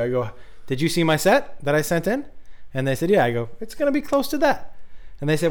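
A male comedian guest telling a casual, animated anecdote. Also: on the high side, brisk. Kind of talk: casual chat.

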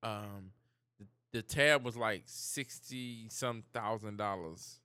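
A man's voice: fairly low pitch, takes it slowly, pushed and bright, smooth, no room sound. A man co-hosting a podcast, chatting casually in loose, profane banter and laughing often. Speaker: podcast co-host. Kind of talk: casual chat.

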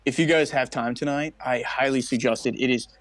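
Co-hosting a casual chat podcast, a young man tells animated stories full of swearing and acts out the quotes. He speaks at a medium pitch and a little fast, with no room sound in the recording.

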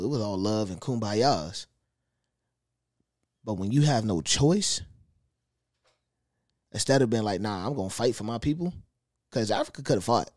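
A man's voice: fairly low pitch, dry recording, studio quality. A man co-hosting a casual podcast chat, arguing his point with energy and acting out quoted voices. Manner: animated, argumentative, acts out quoted speech. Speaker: podcast co-host.

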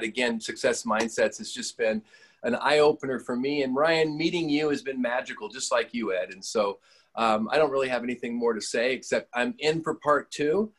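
Male podcast guest, medium voice, warm parting thanks. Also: medium pitch. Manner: grateful, heartfelt. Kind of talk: casual interview chat.

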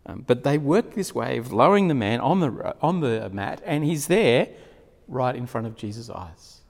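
A man preaching a sermon, retelling a story in an animated way with frequent chuckles. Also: mid-range voice, normal speed, vocal fry. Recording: long hall reverb.

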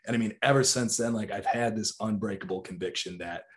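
A man's voice: on the low side, a little fast. A man who founded a company, talking earnestly and reflectively about his business and leaning on "like" as a filler. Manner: earnest, reflective, uses "like" often. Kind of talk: casual conversational talk.

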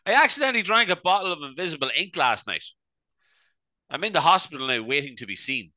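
Animated bright-voiced podcast host. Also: male voice, on the high side, fast, no room sound. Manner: rambling, peppers speech with "right?". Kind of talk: casual comedy podcast chat.

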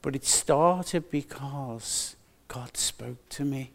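A man's voice: medium pitch, vocal fry. An older man preaching a sermon, earnest and emphatic, repeating his key phrases. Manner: earnest, slow and emphatic with repetitions.

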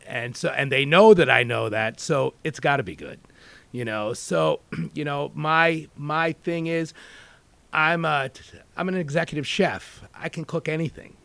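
A talkative chef from New York telling stories in an animated, rambling way, full of "you know.". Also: male voice, fairly high pitch, measured pace, gravelly, no echo. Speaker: executive chef and deli owner. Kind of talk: casual interview talk.

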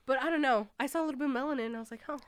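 Relaxed young woman co-host. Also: high-pitched, rapid-fire, clear, resonant tone, no room sound, studio quality. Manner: relaxed, joking, casual swearing. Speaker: podcast co-host. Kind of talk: casual anime chat.

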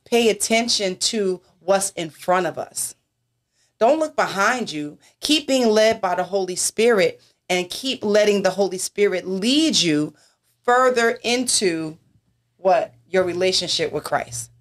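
A woman's voice: medium pitch, lively intonation, unhurried. A woman minister in a church talk discussion, speaking emphatically and asking rhetorical questions.

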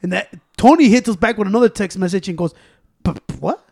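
A young man telling stories in loud, profane casual banter as a podcast co-host. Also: high voice, quick pace. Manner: loud, profane storyteller, talks over others.

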